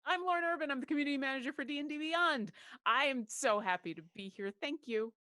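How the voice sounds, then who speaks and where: A woman's voice: high-pitched, fast talker, sharp tone, no room sound, clean studio sound. A woman taking part as a player in a tabletop game, playful and enthusiastic. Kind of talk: casual chat.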